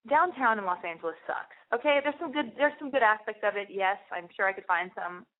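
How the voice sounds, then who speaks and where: A woman's voice: medium pitch, fairly quick. A young woman hosting a call-in radio show, telling a long rambling story with lots of swearing and restarts. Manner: animated, profane, rambling with many restarts. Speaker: radio show host taking calls. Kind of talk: casual storytelling monologue. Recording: phone-like narrow band radio sound.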